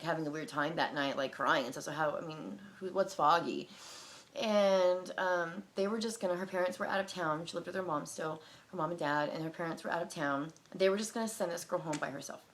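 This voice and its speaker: A woman's voice: fairly low pitch, fairly bright tone, slight background noise. A woman in her thirties telling a personal story in a casual, rambling way, full of fillers and restarts. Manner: rambling, filler-heavy, many restarts and likes. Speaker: personal testimony vlogger.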